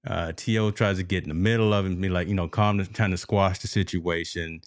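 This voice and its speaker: A man with a low voice hosts a sports talk show, telling stories in an animated, chatty way and calling the listeners folks. The sound is dry and close, with no room around it. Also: fairly quick, no room sound. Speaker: podcast co-host.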